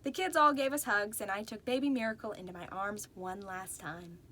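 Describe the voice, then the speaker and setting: A woman's voice: mid-range voice, fairly quick, pushed and bright, slight background noise. A woman narrating a first-person storybook in a folksy, drawling way. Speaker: audiobook narrator.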